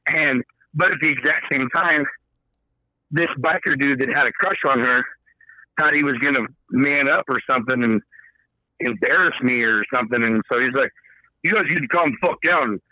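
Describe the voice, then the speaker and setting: A man's voice: medium pitch, fairly even intonation, normal speed, sharp tone, dry recording, dull audio. A man, a podcast guest, telling a story in a casual, profane way and acting out the quoted dialogue. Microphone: podcast microphone.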